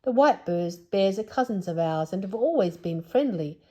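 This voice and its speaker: A woman voicing a gruff, growly father bear in a storybook reading. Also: mid-range voice, expressive, moderate pace, mellow, natural voice. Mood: sad.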